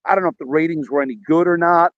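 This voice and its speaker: A man's voice: on the high side, fairly even intonation, rapid-fire, dull audio. A man calling in by phone from a park, rambling animatedly through a story with quoted dialogue. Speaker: caller. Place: outdoors at a park.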